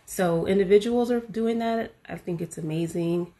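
A woman hosting a podcast, talking casually and with animated enthusiasm, full of fillers like "you know" and "like". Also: mid-range voice, normal speed. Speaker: podcast host. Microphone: podcast mic.

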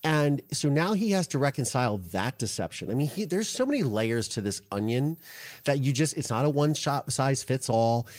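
A man in his forties, a guest in a podcast interview, speaking earnestly and haltingly with many restarts. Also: medium pitch, a little mellow.

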